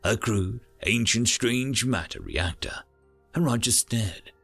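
A male narrator reads an audiobook in an expressive storytelling manner. His voice is gravelly, with lively, wide-ranging intonation. Soft music plays faintly behind him. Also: on the low side, slow.

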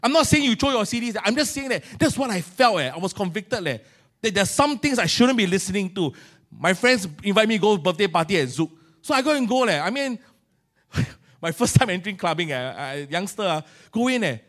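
A middle-aged man with a Singaporean English accent preaching a sermon in a colloquial, animated way, acting out little scenes. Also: high-pitched, brisk. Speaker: pastor.

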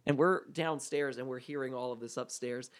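A man's voice: medium pitch, fairly even intonation, normal speed, dry recording, studio quality. A young man telling a story from his teens in a casual chat, rambling with lots of fillers and restarts. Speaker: guest.

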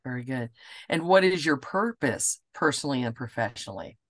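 Woman podcast host, halting and affirming. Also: a bass voice, lively intonation. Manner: warm affirmations, halting restarts. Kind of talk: interview hosting.

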